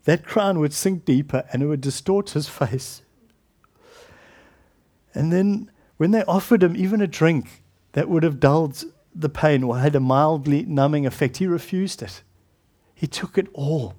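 An earnest middle-aged man preaching a sermon in a slightly higher voice. He often sinks to a hushed, solemn tone and restarts his words as he goes. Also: a little slow. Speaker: pastor.

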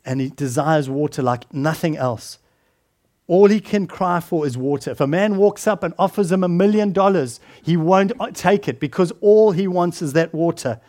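High-voiced earnest male preacher. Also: darkish tone. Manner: earnest, repeats words and restarts. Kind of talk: sermon.

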